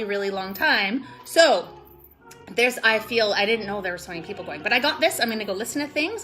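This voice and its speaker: With a fairly high, fairly bright voice, a woman in network marketing records a laid-back motivational vlog for her business team. She gushes, rambles, and sprinkles in "like" and "totally," occasionally on the verge of tears.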